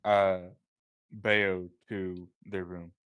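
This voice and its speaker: Man, tabletop player, lowish voice, soft-spoken, hesitant. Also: level tone, very slow, clean tone. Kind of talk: tabletop role-play.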